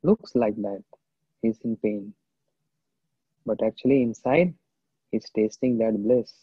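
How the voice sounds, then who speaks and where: A man delivers a slow, reflective devotional lecture, pausing often and quoting verses in an Indian language. His voice is husky and sits at a middle pitch. The sound is tinny and phone-like, with a dry, close feel. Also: no echo. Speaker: spiritual teacher.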